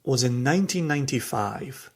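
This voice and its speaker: A man's voice: mid-range voice, animated, moderate pace, darkish tone. A Scottish man co-hosting a podcast in casual chat, reflective and heartfelt, chuckling between thoughts. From Scotland. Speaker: podcast co-host.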